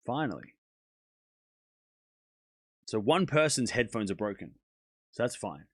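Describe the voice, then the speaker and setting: A man's voice: lowish voice, big pitch swings, a little slow, husky, dry recording, studio quality. A man with an Australian accent hosting a casual tennis watchalong live stream, reading viewer comments aloud and answering them in a laid-back, joking way. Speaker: livestream tennis watchalong host.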